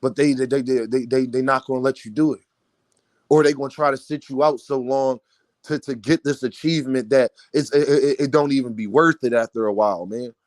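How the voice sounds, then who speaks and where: A man's voice: mid-range voice, fairly even intonation, brisk, darkish tone, dry recording. A man giving opinionated boxing commentary, talking emphatically and straight to his viewers.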